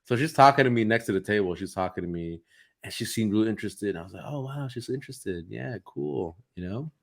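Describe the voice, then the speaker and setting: A young man co-hosting a casual comedy podcast, telling stories in an animated way and swearing a lot. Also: on the low side, quick pace. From United States. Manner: animated storytelling with heavy swearing. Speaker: podcast co-host.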